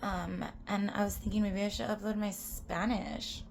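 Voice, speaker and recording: A woman's voice: mid-range voice, little pitch movement, normal speed, a little hiss or hum. A woman in her twenties from the US-Mexico border region, chatting casually to camera as a vlogger. She rambles and swears, and often drops into whispered asides.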